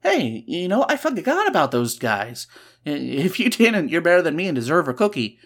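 A man hosting a podcast, recapping a comic book with sarcastic, joking asides and sudden bursts of excitement. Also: a little high, normal speed. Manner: excitable, swings between loud and quiet. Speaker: podcast host.

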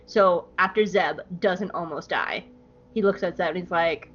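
A woman podcast co-host retelling a fan story in a casual, giggly, animated way. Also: lowish voice, unhurried, soft background music. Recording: dull lo-fi podcast audio.

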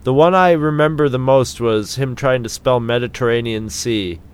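A man's voice: mid-range voice, moderate pace, clean tone. A middle-aged man trading school stories as a podcast co-host, laughing often and mimicking a ranting teacher. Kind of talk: casual storytelling chat.

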